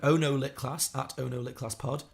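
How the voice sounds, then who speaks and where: A quick, chatty man hosting a casual podcast, reading out listener ideas and riffing on them. His pitch sits in an ordinary middle range and he talks briskly. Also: fairly even intonation, vocal fry. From Liverpool area of England. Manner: quick, chatty, reads listener suggestions aloud with laughs. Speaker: podcast host.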